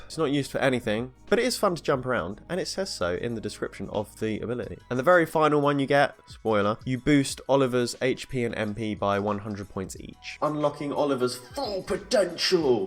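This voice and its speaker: A man narrating a casual game review as a voice-over, with wry, sarcastic asides. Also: mid-range voice.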